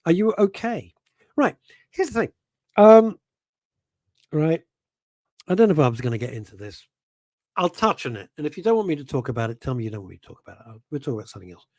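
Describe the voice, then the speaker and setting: A man's voice: medium pitch, big pitch swings, quick pace, pauses often, a little mellow, dry recording, studio quality. A middle-aged man hosting a radio show, chatting casually in a rambling, self-interrupting way and reading out listener messages.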